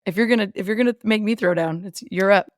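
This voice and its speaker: A woman co-hosting a podcast in casual chat, wry and quick with comebacks, often laughing. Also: medium pitch, no echo. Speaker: podcast co-host.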